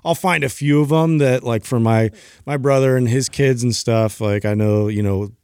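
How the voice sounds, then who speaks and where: A man's voice: mid-range voice, moderate pace, a little mellow, clear, resonant tone, no echo, clean studio sound. A man in laid-back podcast chat who says "like" often.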